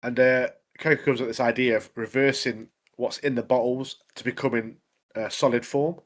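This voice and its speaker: A man's voice: medium pitch, steady tone, moderate pace. A man co-hosting a podcast, recapping in rambling casual chat full of fillers. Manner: rambling recap, many fillers like obviously and mate. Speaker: podcast co-host.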